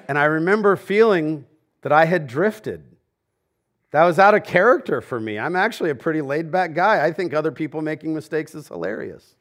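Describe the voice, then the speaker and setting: Man, pastor, middle-aged, sermon, slightly high voice, conversational, hushed punchlines. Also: sing-song, normal speed. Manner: conversational preaching, drops to a near hush on key lines. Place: church sanctuary.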